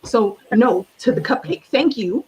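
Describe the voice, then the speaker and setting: Female host, casual chat, animated, quick bursts, higher register. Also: slight background noise.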